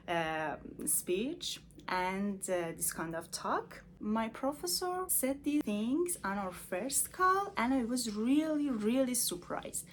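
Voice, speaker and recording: A young woman with an Iranian accent telling a personal story in a vlog, pausing often on filler sounds. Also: mid-range voice, slight background noise. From Iran. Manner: hesitant, many filler sounds. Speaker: vlogger.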